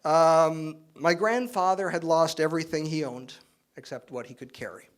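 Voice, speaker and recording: A middle-aged man gives a keynote speech at an awards event. His voice sits a little on the high side, and he talks in a relaxed, conversational way. He fills pauses with um and often adds right, with the odd joking aside. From Spain, raised in Canada. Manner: frequent fillers and tag questions. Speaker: keynote speaker.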